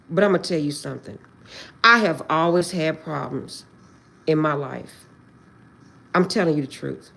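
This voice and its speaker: A woman ranting on a livestream, close to tears and swinging between outbursts and quiet prayers. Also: lowish voice, vocal fry. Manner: agitated, swings between shouting and tearful prayer. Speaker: livestream host. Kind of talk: emotional livestream rant.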